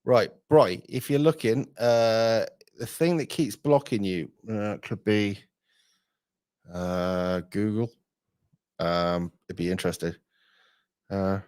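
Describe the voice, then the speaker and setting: Male streamer, rambling and sweary, slightly low voice, dry close mic. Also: takes it slowly, long pauses, a little mellow, smooth, no room sound. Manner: blunt, sweary, rambling with fillers. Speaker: livestream host. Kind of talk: casual livestream chat.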